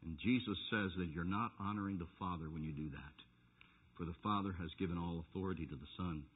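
A male pastor preaching a sermon in church, animated and teasing his congregation now and then. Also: deep voice, fast, slightly rough. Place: church sanctuary. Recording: tinny phone-like church recording.

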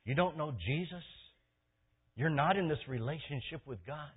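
A male preacher delivering a sermon, shifting from loud impassioned passages to soft, intimate pleading. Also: fairly high pitch, moderate pace, breathy edge. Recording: tinny phone-like sermon recording.

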